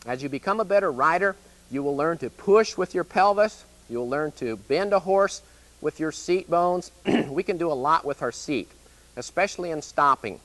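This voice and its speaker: A man's voice: on the high side, lively intonation, moderate pace, fairly bright tone. A man with a Midwestern US accent, an extension educator giving a plain-spoken, folksy horse training lesson, often checking in with "okay?".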